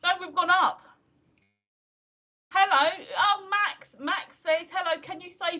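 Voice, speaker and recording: A bright, high-pitched woman chats casually as co-host of a livestream, giggling often and reading out viewer messages. Her voice comes through dull, lo-fi stream audio. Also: takes it slowly. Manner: chatty, giggly, reads viewer messages aloud. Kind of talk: casual chat.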